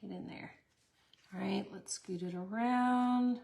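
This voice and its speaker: A woman's voice: mid-range voice, slow pace, creaky, darkish tone. A chatty middle-aged woman, hosting a casual craft tutorial and talking to her viewers. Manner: chatty, laughs often, talks to viewers. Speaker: resin art tutorial host.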